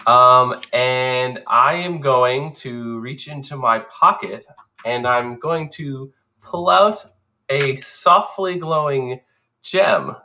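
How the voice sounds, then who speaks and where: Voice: mid-range voice, slow pace, sharp tone. A player in a live-streamed tabletop game who narrates their character's actions expressively, with hesitant fillers.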